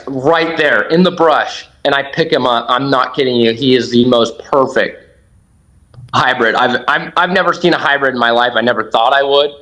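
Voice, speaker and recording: A man guesting on a podcast, telling a hunting story with excited, animated energy and acting out his own shouts. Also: medium pitch, rough recording. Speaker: podcast guest, duck hunter.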